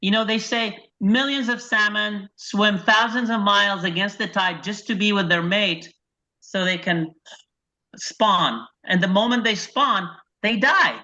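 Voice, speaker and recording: A man from Iraq doing a stand-up set over a video call, telling deadpan one-liners and acting out his wife and his dog. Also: high-pitched, unhurried. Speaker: stand-up comedian. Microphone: video call microphone. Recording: dull lo-fi video call audio.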